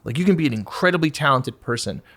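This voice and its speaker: Man, forties, podcast guest, candid talk, lively swinging pitch, mock voices. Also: fast. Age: 40s. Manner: animated, puts on high mock voices to act out asking for attention. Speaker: guest musician.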